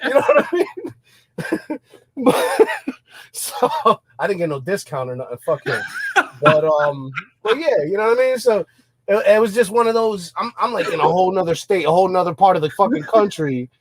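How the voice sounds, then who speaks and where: A young man from New Jersey telling a profane, animated story in a casual podcast chat, laughing often. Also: high-pitched, moderate pace. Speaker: podcast co-host.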